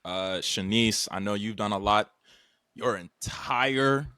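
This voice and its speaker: A young man in his twenties hosting a casual interview, relaxed and slangy, rambling through his questions with restarts. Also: fairly low pitch, slow pace, clean tone, no room sound, clean studio sound. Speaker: podcast host.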